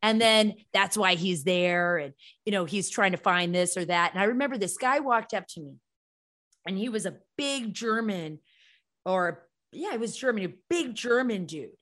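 A woman from the United States, a journalist guest, telling lively stories in casual chat with quick asides. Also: medium pitch. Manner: animated storyteller, laughing, quick asides.

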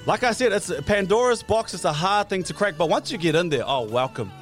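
A man's voice: high-pitched, lively intonation, brisk, soft background music. A New man co-hosting a morning radio show, bantering playfully and hyping up listeners. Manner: playful, rhyming hype delivery.

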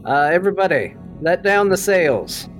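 A man playing a ship captain in a tabletop game, talking in a lively way. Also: high-pitched, normal speed, faint music behind, low-quality recording. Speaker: player. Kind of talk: tabletop role-play.

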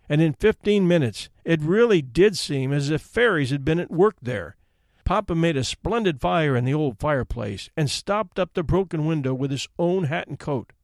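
Male storyteller, expressive narration, lively pitch, fairly high voice, dry close sound. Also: no room sound. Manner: animated, expressive reading. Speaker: podcast host and storyteller.

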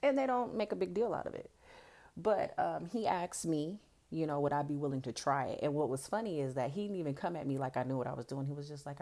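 A woman's voice: fairly low pitch, expressive, brisk, a little mellow. A young woman hosting a podcast, telling stories in a candid, casual way, blunt, profane and boastful. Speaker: podcast host.

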